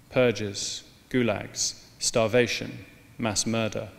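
A man reading from his book to an audience in a measured, deliberate way. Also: mid-range voice. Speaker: author giving a talk. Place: large hall with long reverb. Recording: live talk in a reverberant hall.

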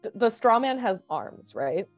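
Playing a tabletop game, a woman describes her character at length in a playful, sing-song way, using lots of fillers. Her pitch is medium and her pace measured, with soft music in the background during the casual game chat.

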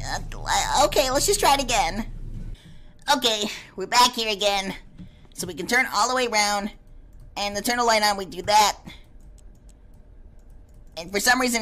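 A woman's voice: mid-range voice, animated, normal speed, pauses often, sharp tone. A young woman commentating a horror game as she plays, panicking and repeating words in a rush when scared. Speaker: gamer.

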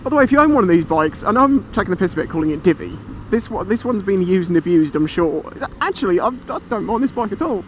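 A British man vlogging from a motorbike, telling a story in a chatty, animated way and swearing freely. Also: sits high, quick pace, hardly any pauses. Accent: British English. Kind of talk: casual storytelling while riding. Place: on a motorbike outdoors. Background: traffic and engine noise.

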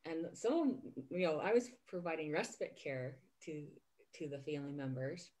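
A woman hosting a podcast, talking earnestly and warmly in a casual interview chat. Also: sits low, normal speed. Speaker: podcast host.

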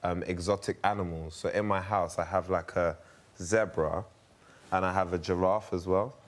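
A man's voice: sits low, fairly even intonation, normal speed. A man chatting as a talk show guest, hesitant and full of fillers. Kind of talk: casual chat.

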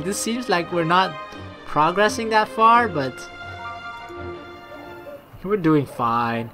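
Lively young woman gamer reading aloud. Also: fairly low pitch, slow, long pauses, soft background music. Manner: chatty, swears and laughs at own jokes. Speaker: let's play gamer. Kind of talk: casual gameplay commentary, reading game text aloud.

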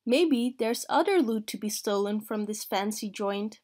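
A woman's voice: medium pitch, animated, unhurried, darkish tone. A woman reading a picture book aloud, voicing a dim-witted male gang thug who is boastful and greedy.

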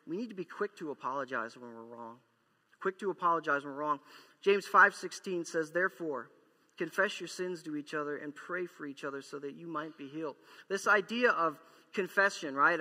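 A man's voice: fairly high pitch, bright, forceful tone. A male pastor preaching a sermon, emphatic, repeating key lines and acting out quoted apologies. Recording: long church hall reverb.

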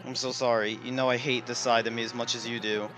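A cursed game creator, a monstrous man full of regret, pleads and confesses in a hurried, plain voice, as a young man reads his lines aloud. His voice sits at a middle pitch, and soft game music plays underneath. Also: flat delivery, close to an everyday voice. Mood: regretful.

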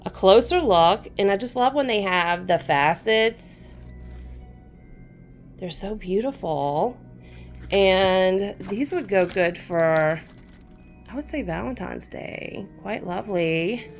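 Slow-talking woman showing her finds. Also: medium pitch, expressive, soft background music. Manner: chatty, fond, talks to her cat. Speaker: crafting channel host. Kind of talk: casual haul show-and-tell.

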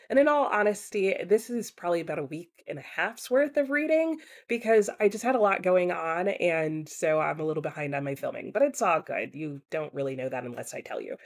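A woman's voice: medium pitch, darkish tone. Chatty woman reviewing books. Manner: chatty, frank, laughs often. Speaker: book reviewer. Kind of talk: casual chat to camera.

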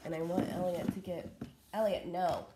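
A woman's voice: lowish voice, steady tone, normal speed, very noisy. A woman vlogger chatting casually while unboxing fan mail at home, scattered and gushing, unwell and coughing, a little short of breath. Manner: chatty and scattered, gushing over small items. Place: at home in her living room.

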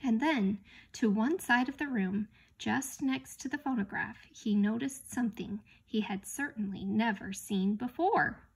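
A woman narrating a children's novel in an unhurried, expressive read-aloud manner. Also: a little high, slightly rough. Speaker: audiobook reader. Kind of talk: storybook narration.

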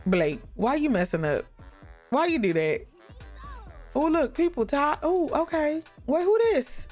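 A woman giving lively, chatty commentary on a life-sim game, talking to her viewers. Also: high voice, unhurried, soft background music. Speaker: gaming YouTuber. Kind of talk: casual gameplay commentary.

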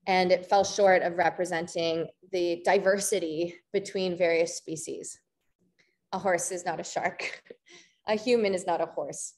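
A Canadian woman in her thirties giving an artist talk, pausing often with ums and restarts. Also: on the low side, steady tone, a little mellow. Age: 30s. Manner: hesitant, frequent ums and restarts. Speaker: visual artist.

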